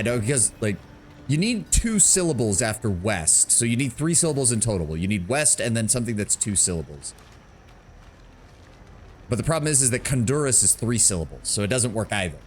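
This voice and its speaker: A man streams a game live, rambling casually to himself and his viewers and swearing occasionally. His mid-range voice is sing-song and moderately paced with frequent pauses, slight background noise, and loud game music behind it.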